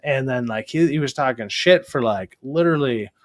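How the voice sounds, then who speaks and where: A man guest on a livestream, telling gaming stories in a halting way, full of restarts and blunt swearing. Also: medium pitch, expressive, dry recording, clean studio sound. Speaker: guest gamer. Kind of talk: casual chat.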